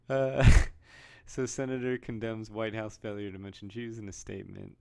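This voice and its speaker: A man talks through his thoughts in a loose, rambling vlog. His voice sits fairly low, with a gravelly fry, and he often restarts his sentences and reads headlines aloud. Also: flat delivery, unhurried, long pauses, a little mellow. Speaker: vlogger. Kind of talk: casual commentary.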